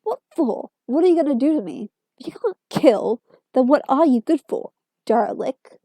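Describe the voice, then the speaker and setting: A woman voicing an eccentric male alien time traveller who is excitable and mocking. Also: high voice, normal speed, no echo, pitched above the performer's own voice.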